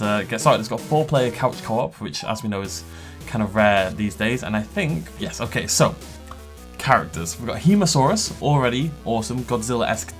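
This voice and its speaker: A man hosting a gaming channel, giving upbeat, joking let's-play commentary with frequent chuckles. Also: medium pitch.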